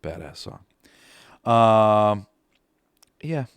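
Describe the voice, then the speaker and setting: A man hosting a podcast, chatting casually and excitedly about favorite comedy films, swearing and laughing as he retells scenes. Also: on the low side, drawn-out words, clear, resonant tone, dry recording. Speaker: podcast host. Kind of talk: casual movie ranking chat.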